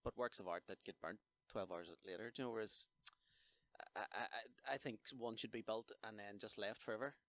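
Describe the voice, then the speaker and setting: A man's voice: on the low side, brisk, a bit bright, no room sound. A man hosting a casual podcast chat and quiz game, teasing and laughing often.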